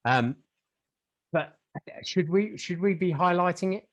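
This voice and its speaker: A man's voice: sits high, measured pace, dull audio. A man from England co-hosting a podcast in casual chat, rambling and jokey, often poking fun at himself. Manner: rambling, self-mocking, jokey. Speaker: podcast co-host.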